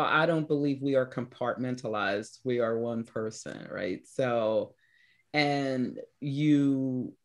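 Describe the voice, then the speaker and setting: A woman's voice: rumbling low, a little mellow. A woman speaking as a meditation teacher and personal coach, giving thoughtful, reflective interview answers that she builds from examples and short lists.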